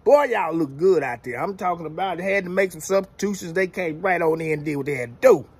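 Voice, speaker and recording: A man's voice: a little high, fast talker, husky. A man giving a casual football recap, drawling and playfully trash-talking. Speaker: sports commentator vlogger.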